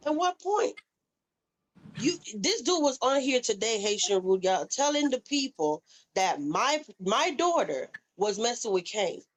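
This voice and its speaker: A woman with a mid-range, sing-song voice and a Southern US accent speaks at a measured pace. Hosting a livestream, she rants angrily and profanely at critics, confronting them head-on.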